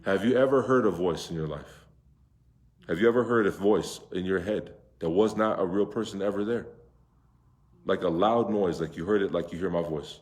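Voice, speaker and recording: A man teaching Quran recitation to a class, drawing out Arabic words slowly and asking his students questions. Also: low-pitched. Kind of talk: interactive class lesson. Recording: echoey room.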